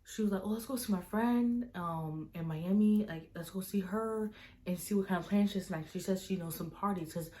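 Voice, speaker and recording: A woman's voice: on the low side, steady tone, brisk, dark tone, slight background noise. A young woman telling a story to her camera in a casual, chatty way, full of "like" and quoted back-and-forth. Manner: casual, fills speech with "like", retells dialogue in quoted voices. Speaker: vlogger.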